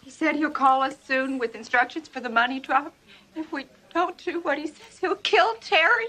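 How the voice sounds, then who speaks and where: A high, panicky kidnap victim's wife. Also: female voice, moderate pace, pushed and bright, a little hiss or hum. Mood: panicked. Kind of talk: comedy film acting.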